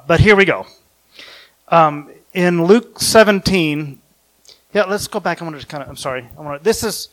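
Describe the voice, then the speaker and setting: A man's voice: fairly high pitch, a bit bright. A man giving an informal sermon, rambling and correcting himself, chuckling now and then. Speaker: preacher.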